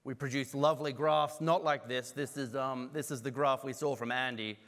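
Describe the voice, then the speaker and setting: Brisk joking Australian man. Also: medium pitch, steady tone, fairly bright tone. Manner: brisk, self-deprecating and joking. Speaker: keynote speaker. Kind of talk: conference keynote talk.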